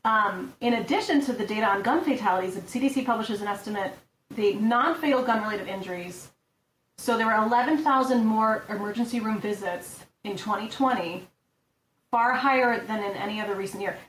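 A woman in a medium pitch talks casually as a podcast guest, mixing read-out figures with wry asides. She sits back from the microphone in a roomy space, with a faint hiss underneath. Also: a little fast, a bit bright. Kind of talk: casual discussion. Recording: roomy, distant mic with faint noise.

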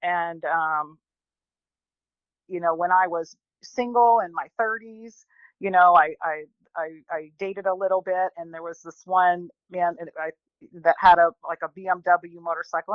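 Woman in her forties, chatty storyteller, quotes others, lower voice, dry sound. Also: no echo, highs cut off. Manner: chatty, animated, many restarts and quoted voices. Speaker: guest. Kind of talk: personal storytelling interview.

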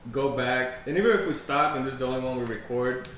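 A man's voice: medium pitch, fast talker, a bit bright. A young man co-hosting a podcast with friends, musing in a rambling way in casual chat. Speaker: podcast co-host. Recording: distant from the mic in a very echoey room with noise.

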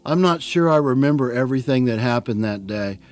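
Man doing a troubled grown son, halting, hesitant, soft music under. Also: mid-range voice, animated, lightly acted. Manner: hesitant, halting, searching for words.

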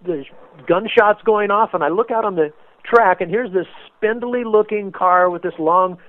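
A man guest telling a story in an animated way, acting out quotes with sudden loud bursts, as a race car paint designer. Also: sits high, moderate pace. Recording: tinny phone-like line, dry.

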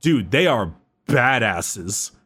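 A man co-hosting a podcast, chatting casually and excitedly about fantasy lore, swearing freely and restarting his sentences. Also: medium pitch, takes it slowly, breathy edge. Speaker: podcast co-host.

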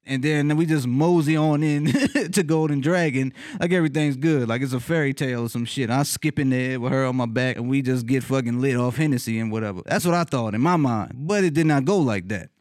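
A man casually telling a funny personal story, cursing freely, laughing often and leaping up in pitch when he retells his reactions. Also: brisk, few pauses, a little mellow, no room sound, studio quality. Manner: laughs often mid-sentence.

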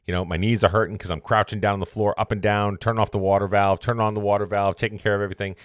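A man's voice: lowish voice, flat delivery, very fast, dry recording, studio quality. A man hosting a podcast, telling a long story in a rambling, self-correcting way before turning it into a motivational point. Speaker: podcast host. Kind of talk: casual storytelling monologue.

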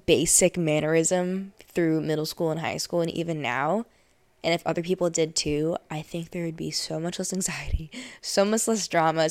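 A young woman giving casual life advice as host, chatty and animated, acting out little scenes with lots of filler likes. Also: on the low side, dry recording.

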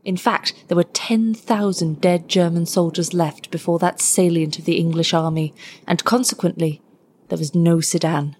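A woman narrating a story in a measured, scripted storytelling delivery. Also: fairly low pitch, steady tone, darkish tone, slight background noise.

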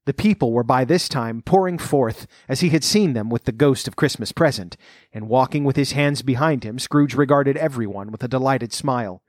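A man narrating a storybook, reading in an expressive, lively way. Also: medium pitch, moderate pace, no room sound, studio quality.

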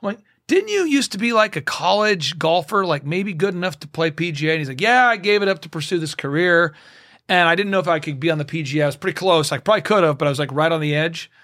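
Man, high voice, studio guest, lively storyteller who does the dialogue himself. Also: fast. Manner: animated storyteller acting out both sides of dialogues. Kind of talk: casual studio conversation.

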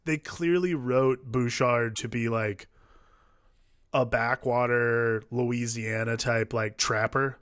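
A man's voice: medium pitch, steady tone, takes it slowly, fairly bright tone, no echo. A man with a mid-range voice talking through a movie in loose, rambling stretches. His sound is close and dry. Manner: rambling, many fillers and restarts. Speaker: podcast co-host. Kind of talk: casual film-review chat.

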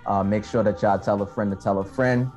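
A man's voice: lowish voice, steady tone, fairly quick, over music. A man hosting a podcast in casual chat, laid-back and talking things through. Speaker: podcast host.

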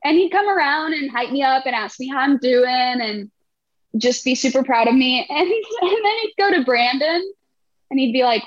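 A woman's voice: high-pitched, expressive, moderate pace, no room sound. A young woman, a band's lead singer, chatting casually in an interview and telling stories with a laugh. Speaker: band frontwoman. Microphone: video call. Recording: muffled video call audio.

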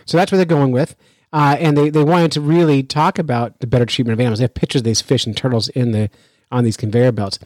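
Male podcast host, lively and chatty, casual storytelling, dry studio sound. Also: mid-range voice, fast talker, no echo. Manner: lively, chatty, with frequent restarts. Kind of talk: casual storytelling and news commentary.

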